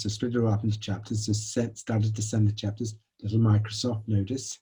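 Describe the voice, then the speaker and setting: A man giving a lecture, telling a personal story in a conversational, animated way. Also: lowish voice, brisk, few pauses, slightly rough.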